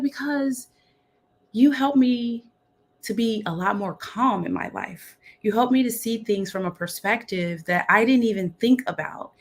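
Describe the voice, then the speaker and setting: A woman's voice: fairly high pitch, a little slow, a little hiss or hum. A young woman from Dallas talks as a guest over a video call. She is bubbly and upbeat and laughs often in easy, casual chat. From Dallas, Texas. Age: young adult.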